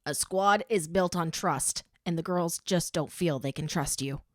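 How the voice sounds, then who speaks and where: A composed adult woman who advises a cheer squad, as a woman reading the book puts her on. She speaks in a measured, level way with quiet sympathy. The voice sits a little low and sounds dry and close. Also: dry recording, close to an everyday voice.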